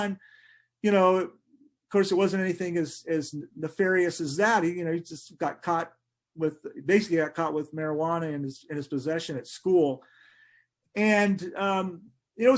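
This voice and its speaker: A middle-aged man, a sports writer, telling animated anecdotes in a podcast interview, laughing often and restarting sentences. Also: high voice.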